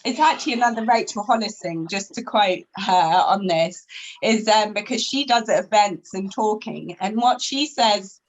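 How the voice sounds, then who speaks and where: A woman's voice: mid-range voice, moderate pace, muffled recording. A woman in her thirties, a podcast guest, chatting casually with many fillers and restarts. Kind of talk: casual chat.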